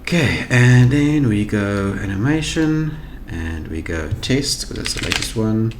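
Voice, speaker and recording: A man with a South African accent talking through a software tutorial, thinking aloud as he clicks through menus. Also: lowish voice, lively intonation, a little slow. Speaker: tutorial host. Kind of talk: screen-recorded software tutorial. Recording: echoey room with noise and keyboard typing.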